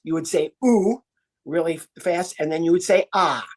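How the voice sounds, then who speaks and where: Animated older American man explaining ventriloquism. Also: on the high side, a little fast. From United States. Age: 60s. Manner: animated, demonstrative teaching, acts out little voices. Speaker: ventriloquist guest. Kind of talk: podcast interview.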